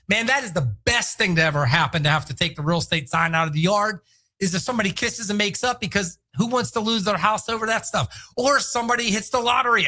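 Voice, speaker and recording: A man with a high, bright voice hosting a solo real estate show. He talks in an energetic, hard-selling way that swings between quick pushes and drawn-out emphasis. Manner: energetic, salesy, breaks into shouted impressions. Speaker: podcast host, real estate agent.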